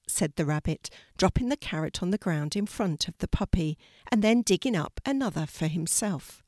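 An older woman narrating a children's story in a gentle, slow, soothing reading style. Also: on the low side, animated, no room sound, clean studio sound.

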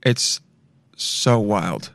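A man's voice: on the low side, expressive, drawn-out words, creaky, no room sound. Joking young man, dry close voice. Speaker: commentary host. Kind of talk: casual reaction commentary.

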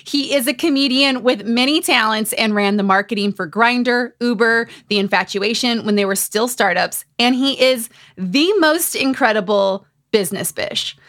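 A woman's voice: fairly high pitch, normal speed, hardly any pauses, fairly bright tone. A woman in her thirties hosting a podcast in a chatty, bubbly way, rambling with lots of filler words. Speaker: podcast host.

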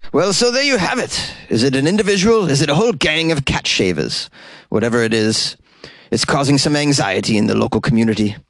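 A man's voice: medium pitch, animated, fairly quick, gravelly, a bit bright. A man hosts a comic weird-news podcast, drifting between reading stories and loose, joking chatter. He is recorded in a small closet, so the sound is close and completely dry with no room echo. His voice sits in an ordinary middle register. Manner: jokey, rambling, puts on silly voices for quotes. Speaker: podcast host and comedian.

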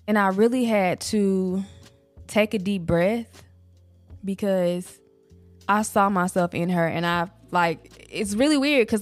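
A woman's voice: lowish voice, darkish tone. A young woman and mother talking candidly and emotionally in a personal vlog, casual and conversational. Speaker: vlogger, mother.

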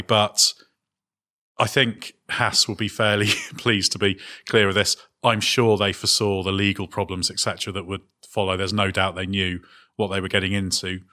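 A man hosting a podcast, discussing motorsport in a measured, hedging way with wry chuckles. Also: lowish voice, sharp tone. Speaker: podcast host. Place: on location.

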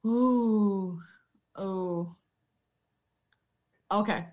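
A woman's voice: medium pitch, extremely slow, a little mellow, highs cut off. A young adult woman bartender telling bar stories in casual chat, blunt and profane, laughing often and acting out her customers.

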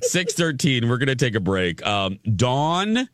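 A man's voice: medium pitch, very animated, measured pace, background noise. A man hosting a morning radio show, chatting casually, self-deprecating and stumbling over his words. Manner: self-deprecating, laughs often, stammers and restarts. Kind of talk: casual on-air banter. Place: radio studio. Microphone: studio microphone.

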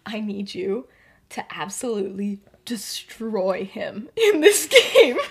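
A woman voicing a sulking, angry teenage witch girl, low and clipped. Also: sing-song, slow, vocal fry, husky, exaggerated voice. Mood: irritated.

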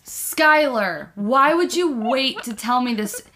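A woman's voice: high-pitched, expressive, slow pace, sharp tone. A woman co-hosting a podcast, exasperated and swearing often as she interrupts her co-host. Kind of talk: casual podcast chat.

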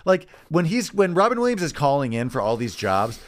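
A man's voice: on the high side, sing-song, fairly quick. A man co-hosting a casual podcast chat, talking in long rambling runs full of fillers. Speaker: podcast co-host.

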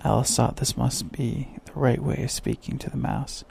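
Man reading a storybook, very creaky. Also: mid-range voice, steady tone, normal speed, a little mellow, slight background noise. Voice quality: creaky, husky.

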